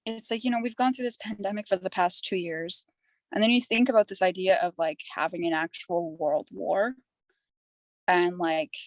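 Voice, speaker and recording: A woman's voice: fairly low pitch, fairly even intonation, moderate pace, no echo, low-quality recording. A young woman from Canada, a podcast guest, telling her story in a rambling, candid, chatty way. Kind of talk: candid casual conversation.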